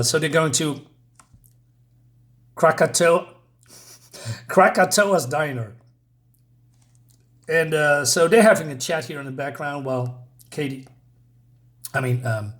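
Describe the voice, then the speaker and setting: A man's voice: fairly high pitch, slow pace, pauses often. Chatty man who laughs a lot. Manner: chatty, laughs often, retells scenes in quoted voices. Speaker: comic book reviewer. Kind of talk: casual comic review vlog.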